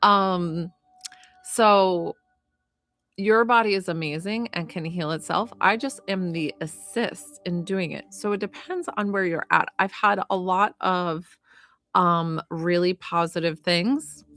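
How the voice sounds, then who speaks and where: A woman's voice: fairly low pitch, slow, no room sound, faint music behind. A woman talking casually to viewers on a live stream as a psychic medium and healer, chatty and rambling with lots of fillers. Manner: chatty, warm-hearted, rambling with many fillers.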